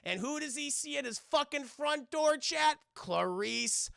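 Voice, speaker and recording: Gravelly high-voiced man rambling to chat. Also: expressive, unhurried, sharp tone, no echo, clean studio sound. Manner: rambling, profane, addresses chat constantly. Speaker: streamer. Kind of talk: casual film recap to a live chat.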